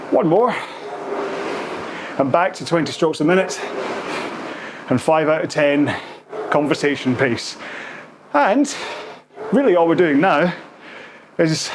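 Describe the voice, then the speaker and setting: A man leads a rowing session while he rows, out of breath as he counts strokes and cheers listeners on. His voice sits a little high. The whir of the rowing machine comes through clearly behind him. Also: background noise. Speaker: rowing coach. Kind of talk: follow-along workout coaching.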